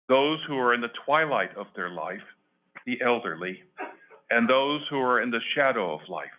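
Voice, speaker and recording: A retired older man giving an earnest prepared public comment at a county board meeting, reading with emphatic pauses. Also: mid-range voice. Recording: phone-like lo-fi meeting audio.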